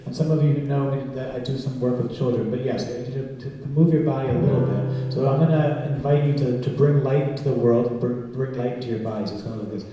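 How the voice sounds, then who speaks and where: A man's voice: mid-range voice, fairly even intonation, fast, few pauses, mellow, highs cut off. A man leading a community singalong with a guitar, playful and coaxing the crowd, speaking and singing. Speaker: musical guest song leader. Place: large hall with a crowd. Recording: echoey hall recording from a distance. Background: guitar music.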